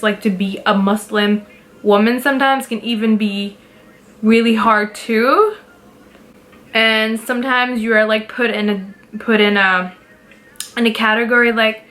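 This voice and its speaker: A woman's voice: on the high side, fairly bright tone. A young woman talking casually to her camera as a beauty vlogger, direct and giggly, filling her talk with "like". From Pakistani roots. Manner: chatty, direct, giggly, lots of "like".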